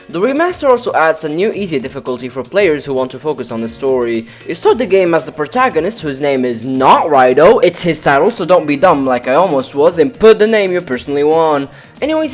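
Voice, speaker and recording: Lively enthusiastic game reviewer voice-over. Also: medium pitch. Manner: enthusiastic and casual, with fan slang. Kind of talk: scripted review narration. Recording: voice-over with faint music behind.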